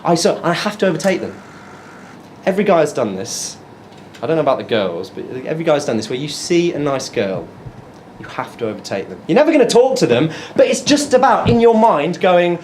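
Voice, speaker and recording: A man's voice: on the high side, sing-song, a little fast, a little mellow, slight background noise. A young man doing a stand-up set, telling a story and acting out his own lines. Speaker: stand-up comedian. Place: comedy club stage. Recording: echoey room, audible crowd. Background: audience laughter.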